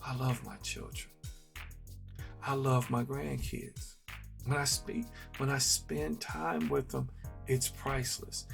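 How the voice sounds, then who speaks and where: A man's voice: medium pitch, flat delivery, slow pace, vocal fry. A middle-aged man giving an earnest, reflective personal monologue, telling a story with heavy repetition for emphasis. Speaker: vlogger. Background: faint instrumental music.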